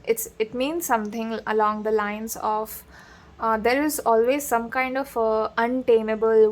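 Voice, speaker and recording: A woman giving a casual spoken tarot reading, talking straight to the listener and drifting into digressions and asides. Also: a little high. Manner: digressive, addresses the listener directly with frequent asides. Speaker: tarot reader.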